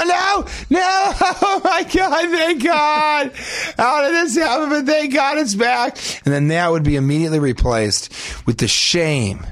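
Brief: young man, podcast co-host, dry close-miked deadpan storyteller. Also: medium pitch, dry recording. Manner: deadpan absurd storyteller, bursts into shrieking acted voices.

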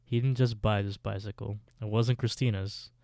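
A man's voice: on the low side, steady tone, normal speed, creaky, dark tone, dry recording, studio quality. A man casually recapping a TV episode as a podcast co-host, telling the story in a laid-back way.

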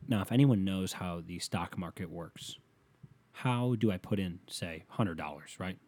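A man's voice: deep voice, a little slow, darkish tone, breathy edge. Profane rambling man with a slight lisp. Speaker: podcast host. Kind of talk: solo podcast rant.

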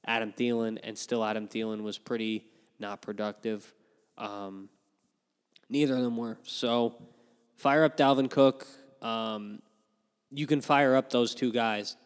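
A fantasy football podcast host chats casually through his sports analysis, opinionated and animated, dropping ums and yawns between points. His medium-pitched voice is smooth and resonant and trails a long reverb.

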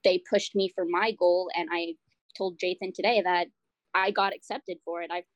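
A woman's voice: on the low side, steady tone, normal speed, no room sound, lo-fi sound. A young woman chatting casually as a podcast guest, upbeat and full of fillers like "like". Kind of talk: casual chat.

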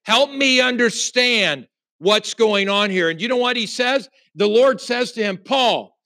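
Speaking at an unhurried pace in a very high voice, this man delivers a sermon as a pastor. He recounts a personal story, alternating between forceful, loud passages and soft, hushed ones, and the audio is clean studio sound with no audible room.

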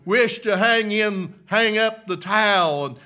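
At a measured pace and in a high pitch, a man delivers a revival sermon. He alternates hushed murmurs with shouted peaks and keeps circling back to "my, listen, friend."

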